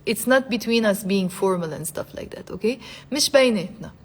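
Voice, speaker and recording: A woman with a Lebanese accent teaching Arabic expressions in a live online lesson, chatty and animated, repeating phrases slowly for her learners. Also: mid-range voice. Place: indoors, streaming live to social media.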